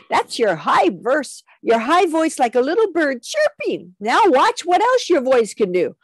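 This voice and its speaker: A woman's voice: high-pitched, very animated, unhurried, hardly any pauses, studio quality. A woman teaching a children's music lesson over a video call, calling out phrases and singing them for the kids to echo back. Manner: call-and-response, sings along.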